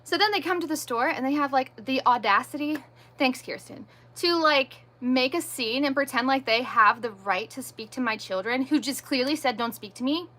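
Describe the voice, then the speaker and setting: A woman's voice: high-pitched, moderate pace. A woman in her thirties hosting a livestream, indignantly retelling a confrontation and quoting everyone in it. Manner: animated, indignant retelling with quoted dialogue. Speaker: livestream host. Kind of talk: casual livestream storytelling.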